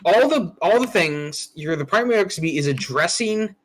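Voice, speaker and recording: Guy game-mastering a tabletop game, kinda high voice, blunt, swears a lot. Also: animated, a little fast, a bit bright, a little hiss or hum, low-quality recording. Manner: casual, blunt, swears freely. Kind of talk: running a tabletop game, awarding XP.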